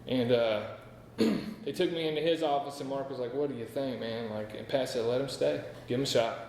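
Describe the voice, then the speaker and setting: A man's voice: medium pitch, normal speed, creaky, darkish tone, a little hiss or hum. A man in his thirties from North Carolina, telling his recovery story to a meeting in a candid, rambling way, full of "like" and "right?". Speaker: AA speaker sharing his story. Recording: echoey hall with long reverb.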